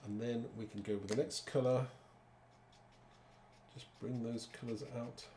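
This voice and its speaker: A man's voice: medium pitch, steady tone, a little slow. Chatty man demonstrating card making. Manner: chatty, talks to viewers while working. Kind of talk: live craft demonstration. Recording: echoey room with faint background noise.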